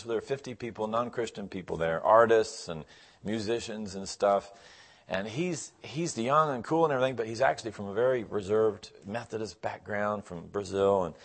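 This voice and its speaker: A man, a guest pastor, giving a sermon in a church, telling stories and acting out conversations with lively, animated delivery. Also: fairly low pitch. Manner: animated storyteller, acts out dialogue in the joke. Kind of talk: sermon with storytelling.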